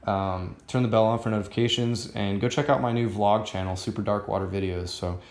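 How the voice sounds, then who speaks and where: A man's voice: fairly low pitch, fairly even intonation, fairly quick, reverberant. A man giving a casual comic book review, rambling and filling his talk with "um" and "like". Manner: rambling, many fillers like "um" and "like".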